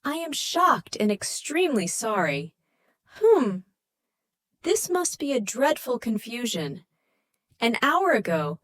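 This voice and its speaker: A woman voicing a soft-spoken, formal and apologetic male diplomat on the phone. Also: on the high side, no room sound, voice pushed up.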